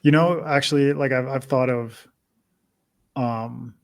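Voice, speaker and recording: A man's voice: mid-range voice, steady tone, slow pace, gravelly. A man who is a parent of young children, chatting casually as a podcast guest and laughing often. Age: parent of young kids. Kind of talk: casual chat.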